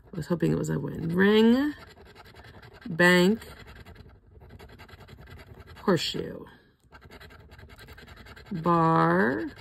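Hoarse older woman, low-pitched, slow unhurried ticket-by-ticket chat. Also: a little hiss or hum. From Florida. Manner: slowly calls out ticket symbols one by one, chatty asides. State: hoarse, throat not cooperating. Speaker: scratch-off ticket vlogger. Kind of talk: casual running commentary.

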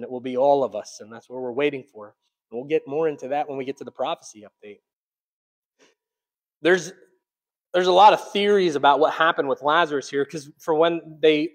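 Man preaching a sermon, conversational. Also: fairly high pitch. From United States. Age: adult, childhood long past. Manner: conversational preaching, swings between soft asides and loud emphatic peaks. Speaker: pastor.

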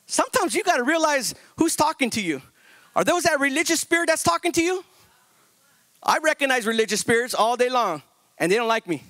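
A male pastor preaches with a high, tense, sharp voice, recorded dry and close with no room echo. He rushes up into loud, high emphasis, then slows down and drops low. He keeps pressing his listeners with repeated rhetorical questions. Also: sing-song. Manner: swings from loud, high-pitched emphasis to slow, hushed stretches; repetitive, rhetorical questions to the congregation. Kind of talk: sermon.

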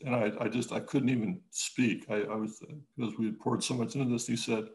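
Gravelly guy on a video call, stops and restarts a lot, gets lively telling stories. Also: medium pitch, rough recording. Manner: halting, many restarts and fillers, animated when telling stories. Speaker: architect, interview guest. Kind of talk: casual conversational interview.

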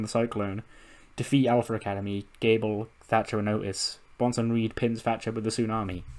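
Casual, swearing game commentator man. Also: medium pitch. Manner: laid-back, swears casually. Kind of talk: casual let's-play narration.

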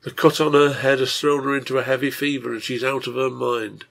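A man's voice: mid-range voice, flat delivery, brisk, vocal fry, a bit bright. A man reading the lines of the innkeeper's wife, grave and reproachful, in a storybook reading. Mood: grieving. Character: stern grown woman, the innkeeper's wife.

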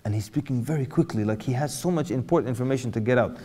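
A man preaching an animated lecture to an audience, asking them questions and acting out quotes. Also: medium pitch, quick pace, husky. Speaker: Islamic preacher. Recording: hall reverb.

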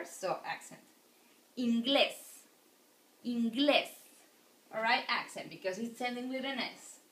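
In an echoey room, a woman's classroom lecture is recorded as she teaches Spanish. She patiently says words again for her students, her voice a little high and a bit bright.

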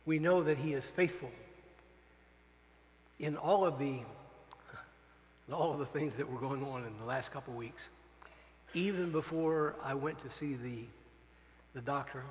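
A man's voice: mid-range voice, moderate pace, pauses often, in a large hall, slight background noise, low-quality recording. A man who is a missionary pastor preaching a farewell sermon, earnest and openly emotional, repeating phrases for emphasis. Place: church sanctuary.

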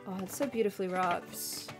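A young woman hosting a casual vlog, excitable and gasping with delight as she chats. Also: medium pitch, normal speed, over music. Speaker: vlog host. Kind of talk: casual chat.

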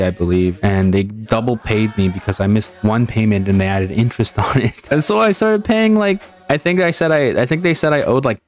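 A man's voice: fairly low pitch, darkish tone. A tired young man, a gaming channel host, talking candidly in a rambling, confessional way about hard times. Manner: rambling, candid, with restarts and frustrated outbursts. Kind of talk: casual confessional monologue.

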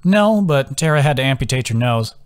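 A man's voice: medium pitch, lively intonation, fairly quick, clean tone, voice pushed up, lightly acted. A man voicing a worried young male companion who talks bluntly and swears freely. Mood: exasperated.

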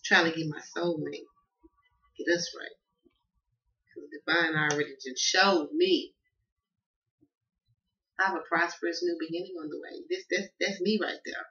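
A Southern woman reading tarot in a loose, cussing, emphatic monologue. Her voice is bright and forceful, and the audio sounds dull and lo-fi. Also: fairly low pitch, fairly even intonation, moderate pace, long pauses. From Southern United States. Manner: profane, emphatic, slangy and affectionate. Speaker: tarot card reader.

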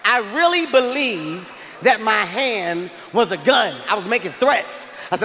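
A male stand-up comedian telling a story to a large live crowd, animated and shouting in bursts. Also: high-pitched, measured pace. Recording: live hall reverb, faint noise.

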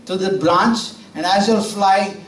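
A man's voice: high voice, measured pace, voice pushed up. A man voicing a clever, boastful male frog while telling a fable in a sermon. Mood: eager. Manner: pleading, then eager and proud. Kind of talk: acted storytelling in a sermon. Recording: roomy church audio from far off.

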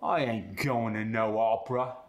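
A man's voice: fairly low pitch, normal speed, echoey room, highs cut off, close to an everyday voice. A man voicing a cheeky Cockney Londoner, demonstrating example lines with tag questions in a broad put-on accent.

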